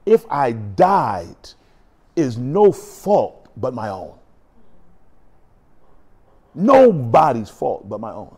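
A pastor preaching a lively sermon, acting out quotes and voices with humor. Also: male voice, mid-range voice, very slow, long pauses, husky.

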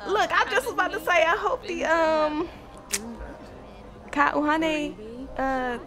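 A woman's voice: very high-pitched, fairly even intonation, takes it slowly. A woman hosting a life-simulation game let's play, giving playful, slangy running commentary as she plays. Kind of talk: casual gameplay commentary. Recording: game music playing underneath.

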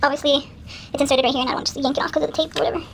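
A woman's voice: high voice, fairly even intonation, very fast, vocal fry, a bit bright, a little hiss or hum. A woman, vlogging to camera and talking to herself in an anxious, exclaiming way. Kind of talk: nervous casual vlog to camera.

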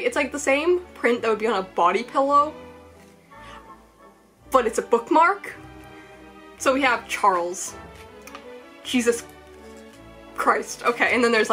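A young woman chatting excitedly as she unboxes a package at home, rambling with lots of "like" and "um", filmed on a small tripod camera. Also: on the high side. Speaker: vlogger. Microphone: camera on mini tripod.

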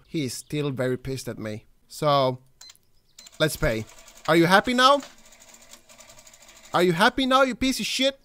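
Playing through a game for his channel, a young man gets easily excited, cursing without restraint and shouting at the on-screen characters. He speaks high, with big pitch swings that jump even higher as his agitation builds.

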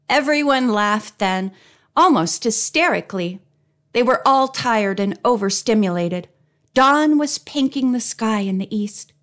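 A woman narrating an old mystery storybook in a clear, expressive reading voice. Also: a little high, measured pace. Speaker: audiobook narrator.

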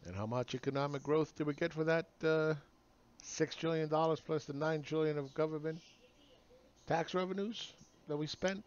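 A man's voice: fairly high pitch, fairly even intonation, moderate pace, muffled recording. A man ranting sarcastically in a solo video monologue, mocking the people he argues against. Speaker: market commentator.

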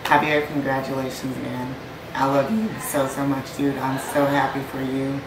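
A young woman makes a playful toast for her brother's wedding in an unusually deep voice, gushing and close to tears. She sounds distant and echoey, with noise behind her. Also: little pitch movement, normal speed. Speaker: groom's sister giving a wedding toast. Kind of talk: casual emotional toast.

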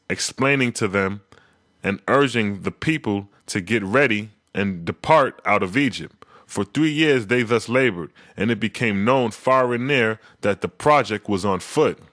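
A man reading scripture aloud in a measured, solemn way, adding his own commentary between verses. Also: on the low side, a bit bright, no echo, studio quality.

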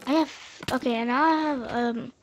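A woman hosting a gaming channel, chatting casually while she plays, quick to react and often repeating herself. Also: high voice, a little hiss or hum. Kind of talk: casual chat while playing a video game.

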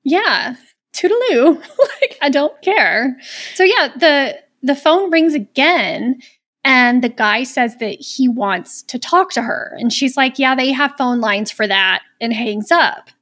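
A woman's voice: sits high, slow pace, fairly bright tone. A woman co-hosting a podcast, recapping a horror movie in casual, sarcastic chat and swearing freely. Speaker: podcast co-host.

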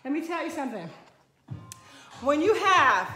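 A woman fitness coach giving an energetic, emphatic motivational pep talk, laughing often and whooping. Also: high-pitched, unhurried, long pauses, soft background music. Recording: roomy echo.

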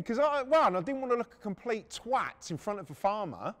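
Animated, high-voiced storyteller. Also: male voice, fairly quick. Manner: animated and crude, acting out moments with gasps and shouts. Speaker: podcast host telling stories. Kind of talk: casual storytelling.

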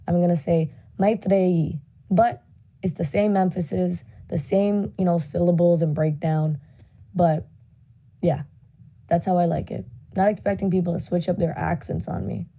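A woman's voice: lowish voice, mellow. A nineteen-year-old woman talking frankly and casually into a voice memo, full of likes and you knows.

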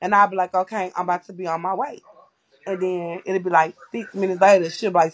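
Woman, husky, blunt, profane, casual livestream chat, acts out quotes. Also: mid-range voice, steady tone, fast talker, lo-fi sound.

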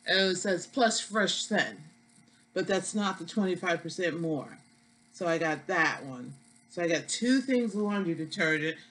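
A woman's voice: lowish voice, animated, unhurried, fairly bright tone, poor audio. A woman with a New York accent, chatting casually to viewers in a product haul vlog, folksy and talkative. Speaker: vlogger.

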